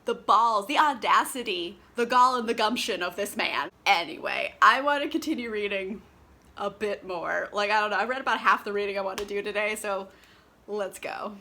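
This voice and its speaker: A woman's voice: medium pitch, normal speed, pushed and bright. A tipsy young woman recapping a book in a profane, rambling way and laughing often. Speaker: book vlogger.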